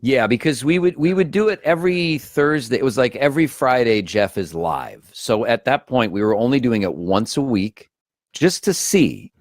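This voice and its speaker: A man's voice: mid-range voice, expressive, moderate pace, no echo, studio quality. A man, an actor and comedian, telling stories as a guest in a casual interview, acting out quotes with shifting voices.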